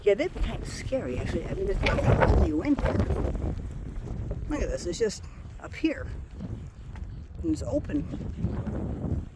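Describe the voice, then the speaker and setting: A woman's voice: mid-range voice, big pitch swings, fairly quick, long pauses. A woman vlogging on a handheld camera outdoors at a rainy campground, chatting casually and thinking aloud about what she sees. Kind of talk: casual handheld vlog narration. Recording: outdoor recording with loud wind and rain noise.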